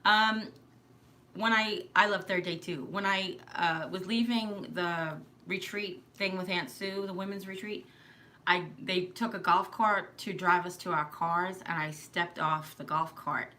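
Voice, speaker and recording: Woman with a New York accent, bright voice, chatty and scattered, live stream host. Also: fairly low pitch, steady tone, unhurried. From New York, Long Island. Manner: rambling, self-interrupting, laughs often. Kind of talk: casual live stream chat.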